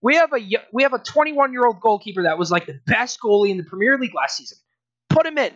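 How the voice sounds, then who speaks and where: A man's voice: extremely high pitch, expressive, quick pace, a bit bright, no room sound, lo-fi sound. Young man, podcast co-host, exasperated ranting, dry close sound. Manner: exasperated, ranting with frequent laughs and restarts. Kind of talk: casual sports podcast rant.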